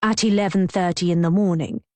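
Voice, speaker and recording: Woman doing an icy sharp-tongued wife. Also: fairly low pitch, fairly even intonation, a little fast, no room sound, lightly acted. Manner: icy, snappish. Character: cold, sharp-tongued middle-aged wife.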